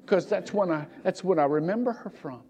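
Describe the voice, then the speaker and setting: A man's voice: high voice, a little fast, a little mellow, breathy edge. A middle-aged man preaching a sermon as pastor, telling stories with laughter and tearful asides. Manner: emotional, laughing and digressive storytelling. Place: church sanctuary. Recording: muffled church recording with long reverb.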